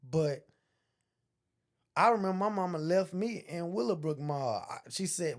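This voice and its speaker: Man with a gravelly edge, relaxed chatty storyteller, laughs often. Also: sits high, unhurried, pauses often. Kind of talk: casual storytelling chat.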